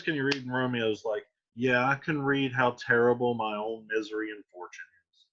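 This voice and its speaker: Lively, bright-voiced man explaining a play. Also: on the high side, highs cut off. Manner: reads the verse aloud, then paraphrases it casually. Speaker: teacher.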